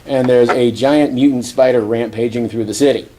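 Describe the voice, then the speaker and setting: A man hosting a podcast, loosely recapping a comic book plot with many fillers, chuckling and slipping into quick character voices. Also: mid-range voice, fairly even intonation, warm tone, a little hiss or hum. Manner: rambling, acts out quotes, chuckles often. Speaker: podcast host. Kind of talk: casual comic book review chat.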